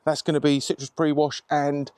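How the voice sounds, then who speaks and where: A man chatting to camera while washing a car, relaxed and a little out of breath. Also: fairly high pitch, clean tone, no room sound. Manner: chatty, slow and unhurried, self-deprecating. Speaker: car detailing vlogger.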